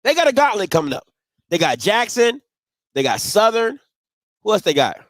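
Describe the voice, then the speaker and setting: A man's voice: high-pitched, very animated, normal speed, fairly bright tone, no echo, studio quality. A man hosting a postgame sports talk show, emphatic and repetitive as he argues his point. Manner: emphatic, repeats himself, breaks into laughing fits.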